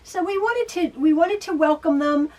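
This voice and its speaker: A middle-aged woman chatting through a home sewing tutorial, talking quickly and rambling with fillers and restarts. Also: very high voice, darkish tone, recorded from a distance. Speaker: quilting teacher. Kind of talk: casual sewing tutorial chat.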